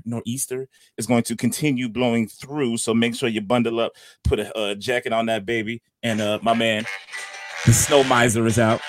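A man's voice: mid-range voice, no echo. A man from Georgia co-hosting a casual podcast, joking around and doing a playful mock weather report. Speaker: co-host.

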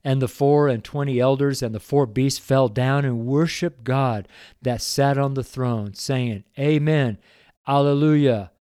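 A man's voice: mid-range voice, fairly even intonation, a little slow, warm tone, smooth, dry recording, clean studio sound. A middle-aged man reading the Bible aloud and talking about it in a devotional way. He is earnest and emotional, and his voice swells when he reads the praise passages. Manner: reads scripture aloud with rising fervor. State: choked up at times.

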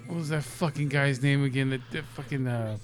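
A man's voice: medium pitch, fairly even intonation, a little fast, faint music behind. A man giving casual, profane commentary over a video game, laughing and riffing on impressions. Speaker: let's play commentator.

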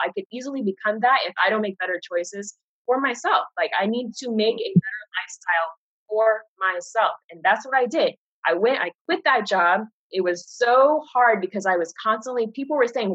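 An earnest woman in her thirties, openly telling her own story as a guest on a recorded conversation. Her voice is husky and a little breathy. The sound is dry and dull, like a lo-fi recording. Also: on the high side, no room sound. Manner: earnest, open, animated when quoting others.

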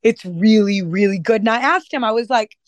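A woman guest on a food podcast, telling animated stories in casual chat and swearing freely. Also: on the high side, fairly quick, dry recording.

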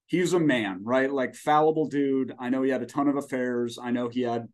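A man's voice: mid-range voice, fairly even intonation, normal speed, darkish tone. A man in his forties, a startup CEO guest on a podcast, talking in an expansive, folksy way with long storytelling tangents. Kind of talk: conversational podcast interview.

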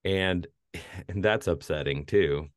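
A man co-hosting a film podcast, chatting casually and retelling scenes with lively energy. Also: low-pitched, slow pace, dry recording, studio quality. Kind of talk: casual film review chat.

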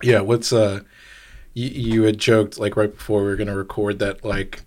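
A man's voice: lowish voice, flat delivery, moderate pace. A man co-hosting a podcast in casual chat, rambling and restarting his sentences often. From grew up overseas. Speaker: podcast co-host.

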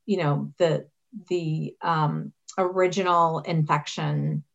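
A woman's voice: low voice, steady tone, takes it slowly, gravelly, lo-fi sound. A woman hosting a talk show, affirming her guest and addressing the audience. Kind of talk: casual talk show chat.

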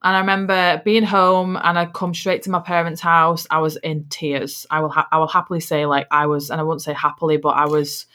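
A young woman from England hosts a podcast in a casual, chatty personal conversation, often restarting phrases and tossing in "like" and "you know." Her voice is deep and bright with a forceful tone and little pitch movement, and she talks a little fast with few pauses.

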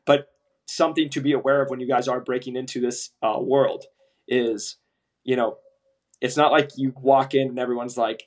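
A young man in casual podcast chat with a medium-pitched voice, recounting work stories with energy. He slips into quoted voices and swears freely along the way. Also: steady tone, moderate pace. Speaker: medical device sales rep, podcast co-host.

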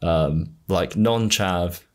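A man's voice: low-pitched, slow pace, darkish tone. A man with a southern English accent chatting casually on a podcast, rambling and hesitant with many fillers. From England. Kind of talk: casual chat.

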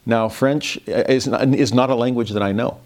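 A man's voice: medium pitch, fairly even intonation, moderate pace, a little mellow. A man, giving a devotional Christmas lesson in an earnest, reflective way with some self-deprecating humor. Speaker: religious teacher.

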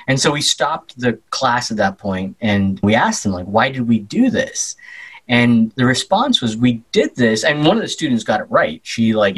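A man, a journalist, talking with a guest in a relaxed interview, telling stories loosely with lots of "like" and "kind of". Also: medium pitch, breathy edge, poor audio. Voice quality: loose talk full of "like" and "kind of". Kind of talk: casual conversational storytelling.

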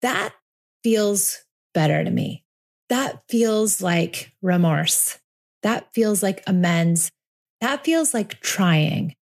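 A woman in her forties hosting a parenting podcast, talking earnestly and reflectively, slowing down to stress her points. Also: on the low side, lively intonation, darkish tone. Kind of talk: reflective solo podcast talk.

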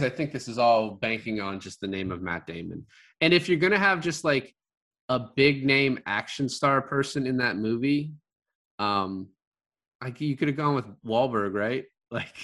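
A man in a relaxed movie review chat. He rambles, restarts his sentences and fills the gaps with ums and likes. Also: medium pitch. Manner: rambling, many fillers and restarts, laughs often. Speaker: podcast co-host.

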